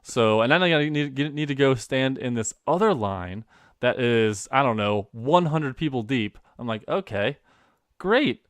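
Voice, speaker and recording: A young adult man co-hosting a casual podcast, telling an animated story and acting out the people in it. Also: mid-range voice, normal speed, clean tone, dry recording, studio quality. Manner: animated storyteller, acts out quoted voices. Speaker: podcast co-host.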